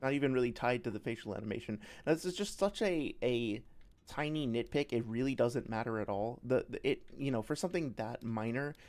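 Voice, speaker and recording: Male game-dev streamer, mid pitch, casual and rambling, explains with examples. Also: a little fast, a little mellow.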